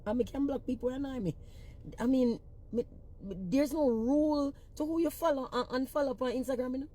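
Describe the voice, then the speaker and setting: Jamaican patois woman ranting to her followers, swears a lot, fiery and blunt, mellow tone. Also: high voice, fairly quick. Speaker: reggae singer-songwriter. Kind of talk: casual social media rant.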